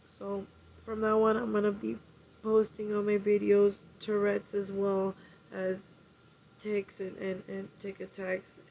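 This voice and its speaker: A woman talking in an emotional personal vlog, tearful and halting, swearing often. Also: medium pitch, completely flat delivery, vocal fry, a little mellow, dull audio, slight background noise. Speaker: vlogger.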